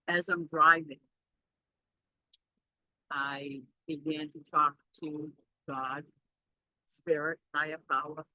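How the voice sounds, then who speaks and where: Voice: medium pitch, pushed and bright, no echo, rough recording. A Reiki practitioner talking casually in a spiritual vlog, rambling and reflective as they reassure themselves aloud.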